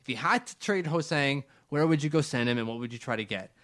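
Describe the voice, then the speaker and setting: A Canadian man co-hosting a podcast in an easy, rambling way. His voice sits at an ordinary pitch for a man, and he often trips over his words and starts again. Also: fast. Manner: relaxed, rambling with restarts. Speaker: podcast co-host. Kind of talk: casual sports chat.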